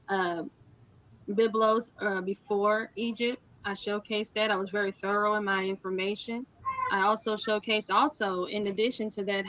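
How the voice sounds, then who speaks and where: A woman defending her argument as a debate guest, speaking in a measured way with frequent hesitant fillers. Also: medium pitch, fairly bright tone, poor audio.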